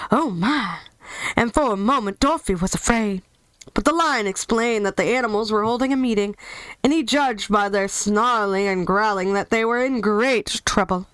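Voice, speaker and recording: A woman's voice: medium pitch, fairly bright tone, clear, resonant tone, dry recording, low-quality recording. A woman reading a children's novel aloud for her channel, chatty with little asides between passages. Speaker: storyteller, channel host.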